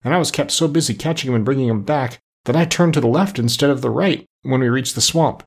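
A sharp-witted, scheming parrot from a storybook, put on by a male reader. She talks briskly and bossily, always working out a plan. The voice carries a husky edge. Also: mid-range voice. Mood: hushed scolding. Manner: brisk, bossy, hushed at times.

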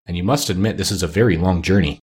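A man voicing a calm tin man in a storybook reading. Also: low voice, fast talker, husky.

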